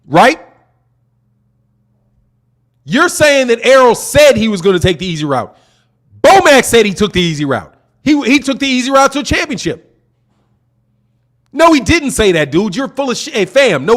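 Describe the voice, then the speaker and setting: A man's voice: extremely high pitch, very animated, a little slow, a bit bright. A man hosting a boxing channel, arguing heatedly in an opinion rant, profane and repeating his points for emphasis.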